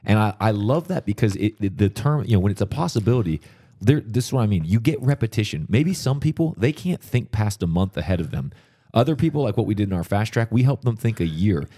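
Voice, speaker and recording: A man's voice: lowish voice, expressive, quick pace, warm tone. A man hosting a motivational podcast, talking in an upbeat, encouraging way and often affirming his co-host.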